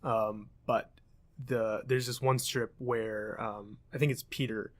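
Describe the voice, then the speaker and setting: A man's voice: on the low side, flat delivery, slow. Young man rambling through explanations. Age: young adult. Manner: hesitant, filler-heavy explaining. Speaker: podcast co-host. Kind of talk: casual chat.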